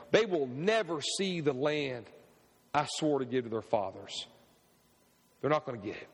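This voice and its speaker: A man preaching a sermon as pastor of his church, with rising and falling delivery and questions tossed to the congregation. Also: on the high side. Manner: animated preaching with call-and-response questions. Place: church sanctuary. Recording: long hall reverb.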